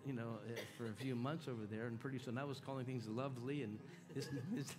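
A man's voice: mid-range voice, steady tone, fast. A man preaching at a church healing meeting, folksy and exhorting, calling out to the crowd. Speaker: evangelist leading a healing meeting. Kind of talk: sermon with audience call-and-response. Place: church sanctuary with worship music. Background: music playing.

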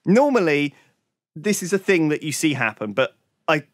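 A man's voice: on the high side, very animated, moderate pace, no room sound, clean studio sound. A man co-hosting a podcast, telling a long story in casual chat and swearing freely. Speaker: podcast co-host.

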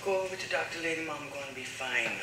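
A man's voice: fairly high pitch, fast, recorded from a distance, natural voice. A man playing an easygoing character with a put-on island accent, heard in a noisy, echoey movie clip. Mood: offhand.

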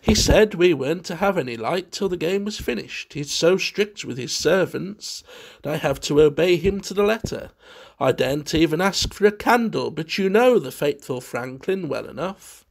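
A man voicing a pleasant, affable gentleman guest who can turn bossy. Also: on the high side, animated, moderate pace, gravelly, voice pushed up.

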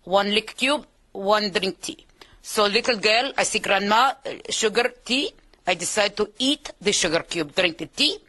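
A woman's voice: medium pitch, expressive, unhurried, pushed and bright. A woman voicing an elderly Russian grandmother with a Russian accent, speaking in choppy broken English. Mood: fond.

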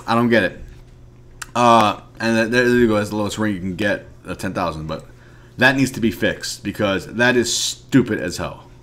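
A young man giving casual commentary on a mobile card game, ranting in frustration, swinging from mumbled asides to loud outbursts. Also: lowish voice, normal speed. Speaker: mobile game video creator.

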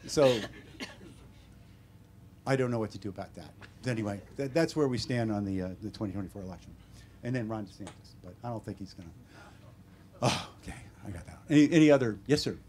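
A man in his seventies with an American accent, an author telling wry, deadpan stories at a bookstore talk. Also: mid-range voice, a little hiss or hum. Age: 70s. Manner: wry, deadpan humor with animated quoted voices. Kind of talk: casual storytelling Q&A. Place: bookstore event room.

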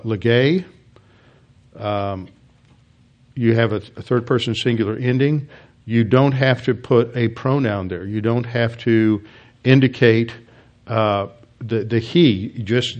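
Halting man teaching a Bible class. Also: medium pitch. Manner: halting, many restarts and fillers, explanatory. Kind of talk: classroom lecture.

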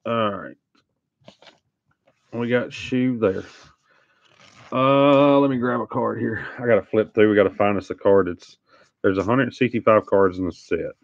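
A man's voice: fairly low pitch, unhurried, long pauses, no room sound. A man hosting a live trading card break, chatting casually and teasing viewers with sing-song hype calls. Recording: dull lo-fi stream audio.

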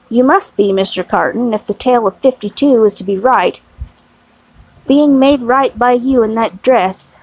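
A woman's voice: on the high side, a little mellow, husky, no room sound, exaggerated voice, poor audio. A woman reading the lines of a timid, nervous male spy. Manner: nervous, anxious.

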